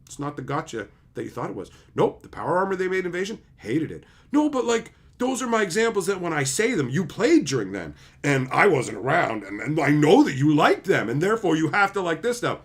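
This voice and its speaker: Husky guy ranting hard, swears a lot, voice jumps all over. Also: a little high, sing-song, brisk, hardly any pauses. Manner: profane, heated, sarcastic, mocks opponents in put-on voices. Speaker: streamer. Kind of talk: ranting commentary.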